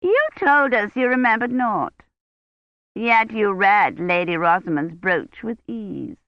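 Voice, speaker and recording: A woman's voice: mid-range voice, lively intonation, slow pace, no room sound, muffled recording. A woman voicing Evolde, a cold and haughty noblewoman, in an audiobook. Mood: suspicious. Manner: cold, pointed.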